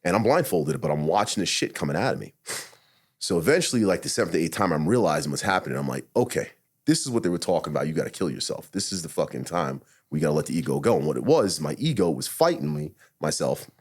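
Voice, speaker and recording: Husky, fast-talking profane man. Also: very deep voice. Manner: profane, animated, retells his own thoughts as quotes. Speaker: podcast guest, retired SWAT officer. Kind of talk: candid storytelling in a podcast interview.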